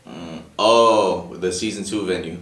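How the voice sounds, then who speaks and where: A man talking casually as a battle rapper guest on a podcast, in fast, profane, animated street talk. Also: low-pitched. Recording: echoey room, distant from mic.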